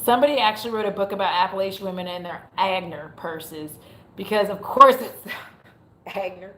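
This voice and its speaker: A woman's voice: medium pitch, moderate pace, fairly bright tone, slight background noise. A young adult woman chatting casually on her livestream, giggling, mocking herself and swearing freely. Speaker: beauty YouTuber hosting a livestream. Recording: roomy echo.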